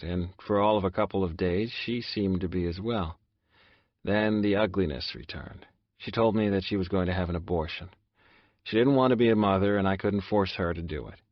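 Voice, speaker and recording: A man's voice: sits low, no echo, highs cut off. A man narrating a first-person audiobook in a subdued, confessional way.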